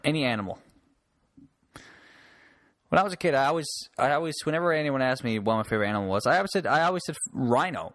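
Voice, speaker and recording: A man hosts a solo podcast, rambling casually into a handheld mic held close, restarting sentences and swearing freely. His voice sits at medium pitch with a slightly bright edge, and there's no room sound.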